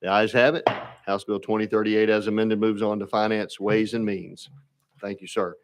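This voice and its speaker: Man, committee chairman, low voice, procedural, polite, hearing room. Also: level tone, moderate pace, slight background noise.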